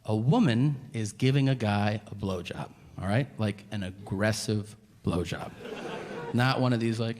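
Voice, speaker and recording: A man doing a stand-up comedy set on a club stage, crude and deadpan in his setups, then shouting the punchlines. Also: medium pitch, unhurried. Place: comedy club stage before a live audience. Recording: reverberant venue with audience noise. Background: audience laughter.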